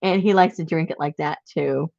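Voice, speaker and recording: A woman's voice: normal speed, creaky, a little mellow, dry recording. Chatty woman who laughs a lot. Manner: chatty, laughs often, rambling. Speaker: workshop presenter. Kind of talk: casual chat. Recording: dull, dry low-fi sound.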